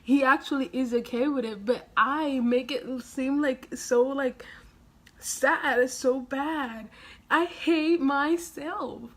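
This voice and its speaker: Having been crying, a young woman talks casually and emotionally in her vlog, rambling, sighing, and laughing softly. She speaks slowly in a high-pitched voice with fairly even intonation.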